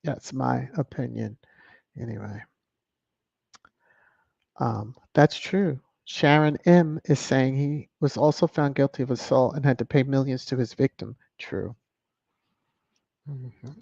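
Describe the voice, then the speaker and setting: A woman's voice: extremely low pitch, takes it slowly, vocal fry, pauses often, warm tone, husky, dry recording. A woman from the United States hosting a casual livestream, chatty and opinionated as she reads out viewer comments. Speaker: livestream host. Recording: dull lo-fi home stream audio.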